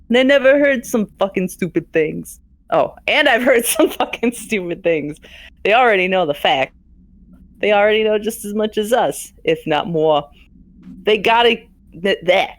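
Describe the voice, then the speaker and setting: A woman's voice: fairly low pitch, close to an everyday voice. A woman voicing an angry, profane federal agent who has been put on desk duty, delivered as an indignant rant.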